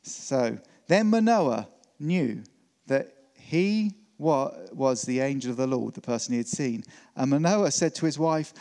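A man's voice: medium pitch, measured pace, vocal fry, dark tone, big-room sound. A man preaching a conversational sermon, chatty and loose, with fillers and self-corrections.

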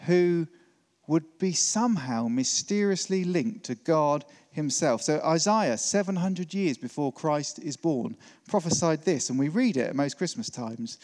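A man preaches in a relaxed, conversational way, often pausing with fillers and correcting himself mid-sentence. His voice sits a little high for a man, and it rings with the long reverb of a church hall. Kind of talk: sermon.

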